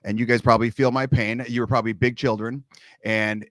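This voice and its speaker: A middle-aged man from Southern California, a guest telling animated stories in casual chat and acting out the people in them. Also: mid-range voice, brisk, no room sound. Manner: animated storyteller, acts out quoted coaches. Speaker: guest, long snapping coach. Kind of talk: casual storytelling.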